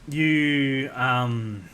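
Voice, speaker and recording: Slow, easygoing male game master. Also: medium pitch, fairly bright tone, smooth. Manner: easygoing, laughs often. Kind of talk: running a tabletop game on a live stream.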